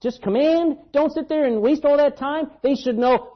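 A very high-pitched man preaches at a moderate pace, telling stories with emphasis. He moves back and forth between booming moments and hushed asides, and the audio is dull and lo-fi.

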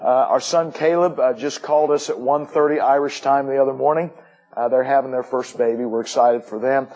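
A man's voice: medium pitch, fairly even intonation, a little fast, darkish tone, lo-fi sound. A middle-aged man giving a missionary report to a church, folksy, with joking asides. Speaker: missionary preacher.

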